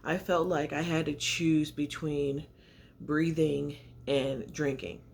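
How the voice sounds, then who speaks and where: Woman vlogger, gravelly, chatty and confessional, slightly breathless. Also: low voice, flat delivery, slow pace, darkish tone, a little hiss or hum. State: often out of breath. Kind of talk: casual vlog chat to camera. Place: home, indoors by natural light.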